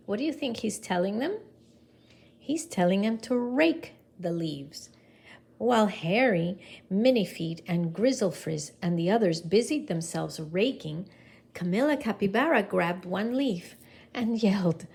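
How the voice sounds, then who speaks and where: A woman reading a picture book aloud to children in an expressive way, pausing to ask her listeners questions. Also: mid-range voice, vocal fry, breathy edge. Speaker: storybook reader.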